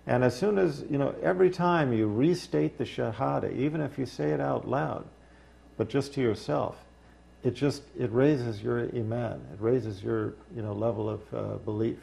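Gravelly-voiced man, reflective guest. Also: medium pitch, normal speed, mellow. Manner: reflective, with dry sarcastic humor and frequent fillers. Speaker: interview guest. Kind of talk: casual interview talk.

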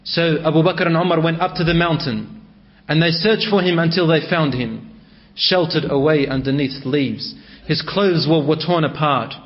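A man's voice: fairly high pitch, moderate pace. A man telling a religious story in a dramatic, emotive way, dropping in Arabic phrases, on a dull lo-fi recording.

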